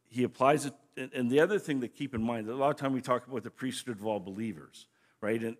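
A man teaching scripture as a pastor in a conversational, explanatory way, often restarting his phrases. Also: medium pitch. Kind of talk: sermon teaching.

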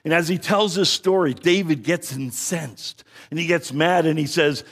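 A man with a somewhat high, husky voice gives a relaxed lecture on scripture. He talks conversationally, often checks in with his listeners and restarts his phrases as he thinks aloud. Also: normal speed, few pauses. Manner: frequent restarts and repeated words. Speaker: Bible teacher. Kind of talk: casual lecture.

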